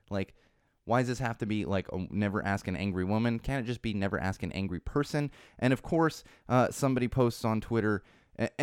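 A man hosting a casual talk show, chatty and animated, with frequent fillers and chuckles, close to the mic. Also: lowish voice, smooth, dry recording. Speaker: podcast host. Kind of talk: casual chat about trending topics.

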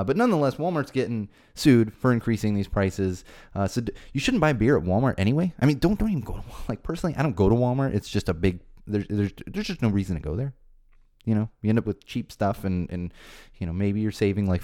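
Podcast host, man in his thirties, low mellow voice, rambling exasperated rant. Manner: rambling, exasperated, repeats himself. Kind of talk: casual ranting monologue.

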